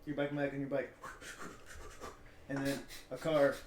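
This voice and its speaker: A man's voice: mid-range voice, monotone, normal speed, echoey room, background noise. A young man co-hosting a podcast, playful and laughing, spinning silly scenarios. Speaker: podcast co-host. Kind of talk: casual chat.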